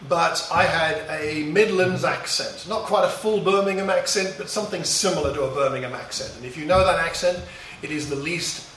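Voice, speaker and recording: Guy telling a story from his boyhood, slightly high voice, bit echoey and off-mic. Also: moderate pace, hardly any pauses, fairly bright tone, distant mic. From England. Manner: storytelling, musing, with small restarts. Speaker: speaker. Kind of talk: reflective personal talk. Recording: roomy echo, voice a bit off-mic.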